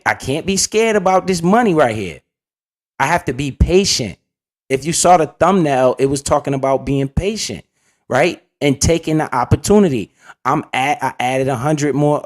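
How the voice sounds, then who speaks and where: A middle-aged man talks through his investments in a relaxed vlog style. His speech is loose and colloquial, full of restarts and quick "right?" check-ins. His voice sits at an ordinary, middle pitch. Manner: conversational, repeats "right?" and restarts often. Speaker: finance video host.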